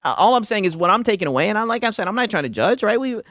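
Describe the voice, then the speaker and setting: High-voiced man mocking a clip on stream. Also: big pitch swings, racing, a bit bright, no room sound, clean studio sound. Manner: laughing, mocking asides. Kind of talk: casual stream commentary.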